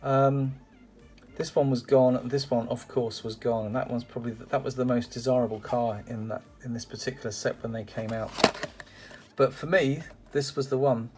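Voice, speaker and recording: A man's voice: mid-range voice, fairly even intonation, normal speed, over music. A man chatting casually and enthusiastically while unboxing and reviewing die-cast toy cars, with lots of "uh" and "um" and frequent exclamations. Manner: enthusiastic and exclamatory, with many fillers. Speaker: toy car collector reviewing a parcel.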